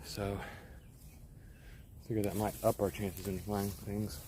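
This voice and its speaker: A man's voice: fairly low pitch, level tone, slow pace, noisy background. A man vlogging outdoors by a stream bed in a park, talking casually with many fillers and restarts. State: out of breath. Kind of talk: casual outdoor vlog narration.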